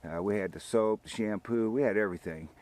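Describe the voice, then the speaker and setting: A man's voice: lowish voice, brisk, a little mellow, a little hiss or hum, poor audio. An older man, hosting a hunting show outdoors by a field and rambling folksily about the hunt and his sponsors. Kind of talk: casual outdoor commentary.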